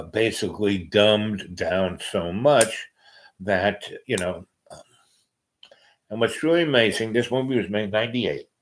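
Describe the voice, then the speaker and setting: Hosting a podcast, a man with a fairly low voice drifts through a casual, meandering monologue packed with fillers and restarts. The recording is rough.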